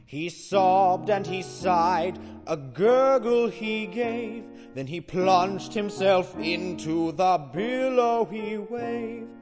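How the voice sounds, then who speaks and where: A woman playing a timid, lovesick comic man in an operetta, pleading floridly and singing a slow doleful song. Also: mid-range voice. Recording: long hall reverb, guitar accompaniment.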